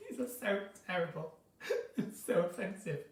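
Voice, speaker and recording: A woman's voice: on the low side, animated, moderate pace, darkish tone, recorded from a distance. A woman with a West Midlands accent hosting a casual live chat, chatty and self-mocking. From Dudley, England. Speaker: live-stream host. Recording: echoey room, voice off-mic.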